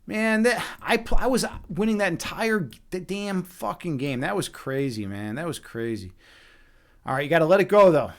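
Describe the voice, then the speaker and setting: Swearing, excitable Chicago man streaming chess. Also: sits high, normal speed. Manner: animated, swearing, talks to chat while playing. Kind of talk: live-stream chess commentary.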